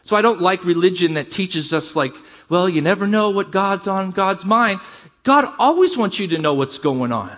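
Middle-aged male pastor, high voice, conversational sermon, builds emphasis. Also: expressive, fairly bright tone. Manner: conversational preaching, rising emphasis, quick asides.

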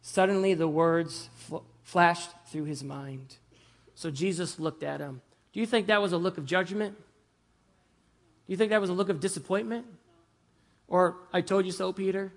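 A man preaching a sermon in a conversational way, often asking "right?" and "amen?", moving between loud emphasis and hushed, soft lines. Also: high voice, measured pace, long pauses. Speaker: pastor.

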